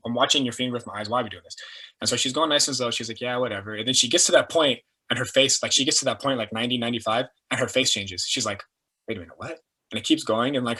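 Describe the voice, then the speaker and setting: A young man with a bright, forceful yet husky voice, swapping coaching stories on a podcast. His delivery is casual and animated, dotted with "like" and "dude". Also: mid-range voice. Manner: animated, lots of fillers like "like" and "dude". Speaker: strength and performance coach, guest. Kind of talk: casual storytelling.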